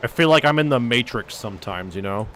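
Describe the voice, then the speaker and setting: A man's voice: mid-range voice, lively intonation, fairly quick, fairly bright tone, a little hiss or hum. Profane ranting game streamer, man. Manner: profane, ranting, heavy use of "like". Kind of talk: casual gaming stream rant.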